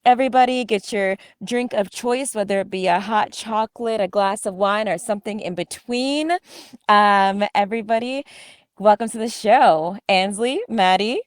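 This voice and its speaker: A woman hosting a podcast interview in a casual chat, bubbly and playful, quick to laugh. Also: medium pitch, clear, resonant tone, dry recording, studio quality. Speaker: podcast host.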